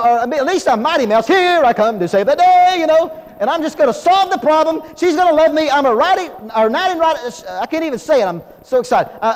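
A middle-aged man preaching a sermon in a chapel, animated and self-deprecating, calling his listeners folks. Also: very high-pitched, in a large hall, poor audio.

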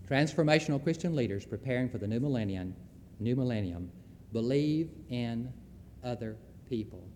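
A man's voice: mid-range voice, lively intonation, unhurried, long pauses, darkish tone, in a large hall, a little hiss or hum. A Southern man giving a folksy, emphatic lecture on Christian leadership, with storytelling asides.

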